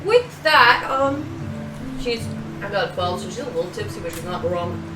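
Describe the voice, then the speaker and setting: A woman's voice: mid-range voice, animated, moderate pace. A woman running a tabletop game as game master, laughing and rambling, recorded from a distance in an echoey room with music behind.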